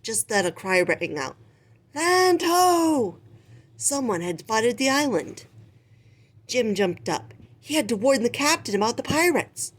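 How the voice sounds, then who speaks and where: A woman reading a children's picture book aloud with expressive, animated storytelling. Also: on the high side, moderate pace. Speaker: storybook reader.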